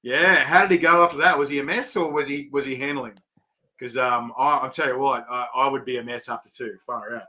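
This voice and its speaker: A middle-aged Australian man hosting a casual live-stream interview, rambling excitably and reading viewer comments aloud. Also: medium pitch, fairly quick. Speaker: host.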